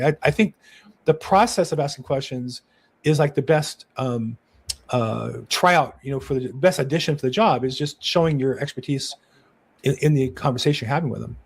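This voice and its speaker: A man hosting a conversational interview, chatty and affirming, who laughs easily and tells stories. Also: a little high. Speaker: interview host.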